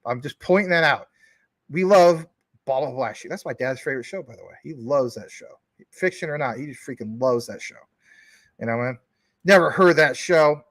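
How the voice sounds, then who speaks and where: A man's voice: medium pitch, fairly quick, no echo. Rambling, jokey male streamer with a dry sound. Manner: rambling, jokey, teases commenters. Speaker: livestream host. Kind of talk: casual chat to viewers. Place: home couch.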